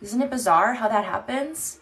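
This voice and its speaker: A woman's voice: on the high side, moderate pace, fairly bright tone. A woman chatting candidly on a live stream into her phone, rambling and swearing casually as she reads comments.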